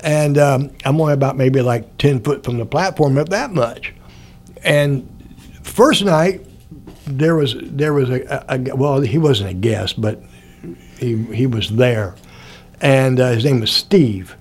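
A man's voice: medium pitch, a little slow, a little mellow. An older man from Indiana, telling stories from his life in a rambling, casual way and chuckling often. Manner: rambling, chuckles often, acts out quoted people. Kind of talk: casual storytelling.

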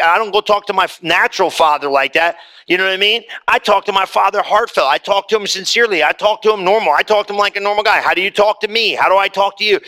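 A man's voice: sits high, sharp tone. A man preaching a sermon in a plain conversational way, rising into emphatic readings of scripture before a congregation. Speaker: pastor. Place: church hall with congregation.

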